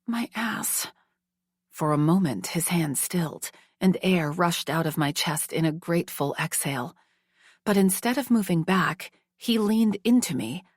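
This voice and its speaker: A woman narrating a first-person romance audiobook in a slow, hushed, measured reading. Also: fairly low pitch, no echo, clean studio sound.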